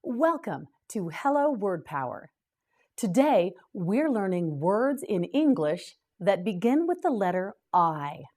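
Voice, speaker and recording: A woman hosting a scripted English vocabulary lesson, slowly and clearly drilling each word for learners to repeat. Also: medium pitch, big pitch swings, darkish tone. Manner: slow, clear drilling of words. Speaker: English teacher and host.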